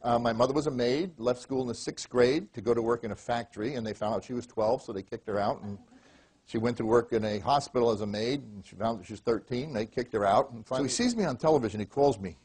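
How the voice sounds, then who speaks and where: A man's voice: medium pitch, fast, husky. A man from New York giving a comic motivational keynote, joking and speaking straight to the audience. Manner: joking, animated, addresses the crowd directly.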